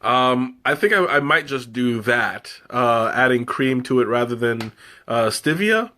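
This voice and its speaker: Slow, rambling man hosting a tea stream. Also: mid-range voice, animated, bright, forceful tone. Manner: rambling, hesitant, many fillers and restarts. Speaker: livestream host tasting tea. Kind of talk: casual live chat.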